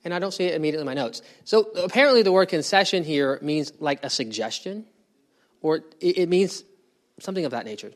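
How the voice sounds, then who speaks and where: A man with a somewhat high voice teaches a bible study. He talks through the passage in a conversational way and often stops to put questions to the people in the room. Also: animated, quick pace. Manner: conversational, asks the group questions.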